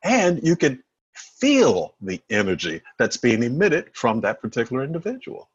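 A man talking as a guest expert over a video call, his delivery lively and swinging in pitch. His voice has a slightly husky edge, and the audio is dry and a bit dull, like compressed call sound. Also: normal speed, dry recording. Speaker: body language and negotiation expert guest. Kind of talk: conversational interview.

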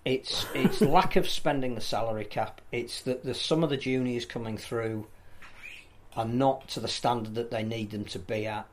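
Measured man pundit. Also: mid-range voice, fairly even intonation, a little hiss or hum. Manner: thoughtful, measured analysis with frequent restarts. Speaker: rugby league pundit. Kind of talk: casual podcast chat.

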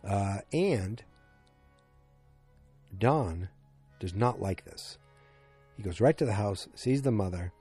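A man's voice: on the low side, animated, slow pace, long pauses, warm tone, husky, soft background music. A man casually recapping a TV episode, rambling with lots of fillers and restarts.

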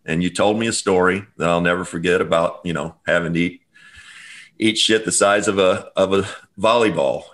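A middle-aged man hosts a podcast in a very low, deep voice. He speaks in a heartfelt, halting way, pausing often and choosing his words with feeling. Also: fairly bright tone. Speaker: podcast host. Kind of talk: podcast interview.

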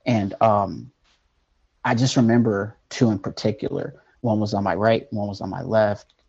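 A man telling a personal near-death story in an earnest, halting way, with many fillers. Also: lowish voice, steady tone, vocal fry, a little mellow, slightly rough, dull audio.

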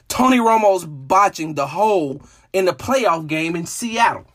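A man hosting a solo sports show, talking in a dramatic, emotional way that jumps between hushed asides and shouting. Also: high-pitched, expressive, measured pace. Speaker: sports podcast host. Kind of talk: animated solo sports commentary.

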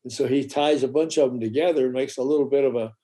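Mellow-voiced man telling an animated story. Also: mid-range voice, quick pace. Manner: animated, acts out the voices of characters in his stories; casual, with occasional swearing. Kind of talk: casual storytelling chat.

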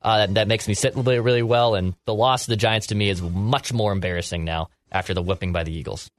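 A man's voice: fairly low pitch, fairly even intonation, quick pace. A man in a casual sports talk show, thinking aloud as he rambles through a game.

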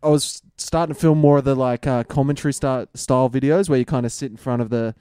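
A young Australian man with a mellow, mid-pitched voice trades laid-back, profane banter on a podcast. The sound is dry and close, with no room echo. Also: fairly even intonation, fast, clear, resonant tone. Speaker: YouTuber and podcast co-host. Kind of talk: casual podcast chat.

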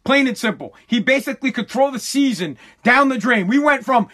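A man's voice: very high-pitched, animated, fairly quick, few pauses, fairly bright tone. Fired-up, cursing man ranting on podcast. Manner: heated, profane and repetitive. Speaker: podcast host. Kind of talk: casual livestream podcast rant.

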